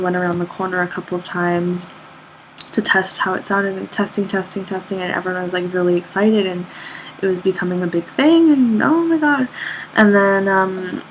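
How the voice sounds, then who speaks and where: A young woman, an art student, recounting her day in a loose, rambling way, full of "like" fillers, jumping up high in pitch whenever she quotes someone. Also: a little hiss or hum, low-quality recording. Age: young adult. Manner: rambling, lots of "like" fillers, acts out quoted people with sudden high pitch jumps. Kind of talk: casual spoken recollection.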